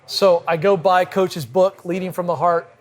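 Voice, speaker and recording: A man, a podcast guest, telling a vivid personal anecdote in brisk conversational style at a cigar lounge. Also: sits high, steady tone. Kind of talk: animated storytelling in conversation. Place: cigar lounge with a group present.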